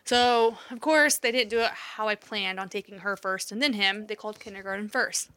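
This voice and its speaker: A woman's voice: mid-range voice, moderate pace, pushed and bright. A woman in her thirties, a mother, candidly telling a story in casual chat, swearing now and then and laughing along the way.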